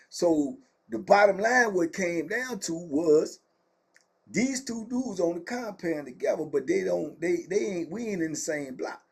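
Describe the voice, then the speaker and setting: A middle-aged man telling prison stories in casual, slangy speech, animated and acting out what people said. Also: high voice, breathy edge. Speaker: storyteller host. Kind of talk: casual prison story time.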